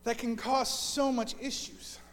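A man's voice: extremely high pitch, flat delivery, unhurried, a bit bright. A man in his forties preaching a sermon as pastor, earnest and often repeating words as he builds a point. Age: 40s. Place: church sanctuary. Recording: long church reverb.

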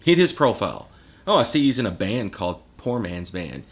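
Here a male podcast guest with a lowish voice speaks a little fast. His casual storytelling is animated, heavy on profanity, and full of impersonated quotes.

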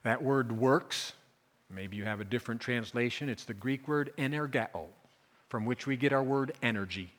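Emphatic preacher in a reverberant church hall. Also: male voice, medium pitch, normal speed. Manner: emphatic, repeats key phrases, swings from quiet to loud. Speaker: pastor. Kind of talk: sermon. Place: church sanctuary.

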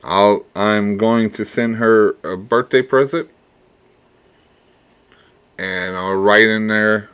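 A man hosting his own podcast, talking in a reflective, rambling way with pauses and repeats, earnest and fatherly, and ending with blessings. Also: low voice, steady tone, fairly bright tone, clear, resonant tone. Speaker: podcast host. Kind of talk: casual solo podcast monologue.

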